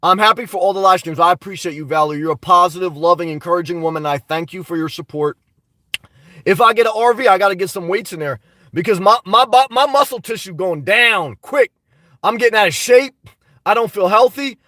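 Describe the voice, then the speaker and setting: Rambling high-voiced man with a dry cough. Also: a little fast, bright, forceful tone, no room sound, distant mic. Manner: rambling, blunt, talks back to chat comments. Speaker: live-stream host reading viewer comments. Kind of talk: casual live-stream chat. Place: inside a car.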